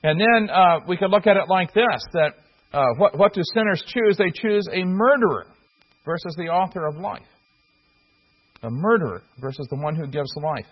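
Husky guy preaching, bit high voice, muffled old recording. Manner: earnest, halting with fillers and restarts. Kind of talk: sermon. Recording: dull lo-fi recording.

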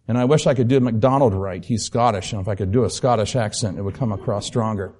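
A man preaching a sermon, explaining earnestly with filler pauses and reading aloud from a book. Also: on the low side, a little mellow, breathy edge.

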